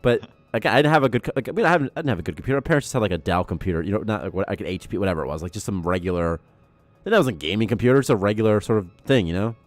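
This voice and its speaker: A man in his late twenties, a game programmer chatting casually on a development stream and telling stories in a profane, animated way. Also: lowish voice, racing, no echo, faint music behind. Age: 20s. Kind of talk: casual dev stream chat.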